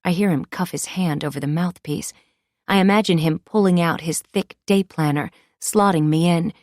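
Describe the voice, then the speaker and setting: A woman narrating a thriller audiobook in first person, measured and confiding. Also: on the low side, darkish tone, no room sound, clean studio sound.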